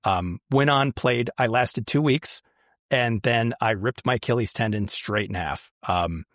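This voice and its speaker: A man in a relaxed conversation, recounting his past in a chatty way that is full of restarts and "um"s. His voice sits in an ordinary middle pitch. It is recorded dry, with no room around it. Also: unhurried, no echo. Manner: chatty, many fillers and restarts. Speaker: guest. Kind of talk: casual storytelling.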